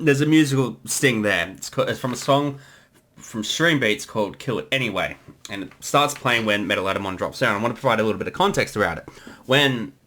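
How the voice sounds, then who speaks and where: A man riffing casually through a creator commentary, his voice bright and animated as he jumps between anecdotes. He talks in a loose, laughing way. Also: on the low side, a little fast.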